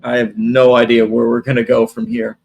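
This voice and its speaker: A man's voice: mid-range voice, completely flat delivery, a little fast, creaky, a little mellow, breathy edge. Hesitant man running a tabletop game. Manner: hesitant, full of fillers. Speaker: game master.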